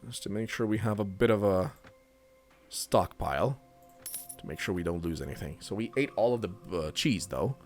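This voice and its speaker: A man's voice: fairly low pitch, expressive, normal speed, a little mellow, soft background music. A man giving casual let's play commentary, chatty and thinking aloud while he plays. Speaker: gaming youtuber.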